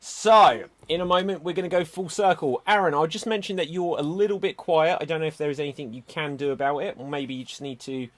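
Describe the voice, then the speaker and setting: A man hosting an online improv show, announcing rounds and votes in a brisk, upbeat way over a video call. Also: fairly high pitch.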